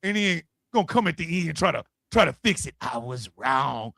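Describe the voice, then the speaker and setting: A man co-hosting a casual podcast chat, talking with lots of profanity and loudly acting out quotes. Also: high-pitched, animated, quick pace, creaky, breathy edge, no echo, clean studio sound. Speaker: podcast co-host.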